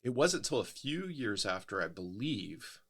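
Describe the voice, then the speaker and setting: A man's voice: on the low side, sing-song, a little slow, fairly bright tone. A middle-aged male pastor in a casual podcast conversation, explaining at length in a thoughtful way, often restarting his sentences.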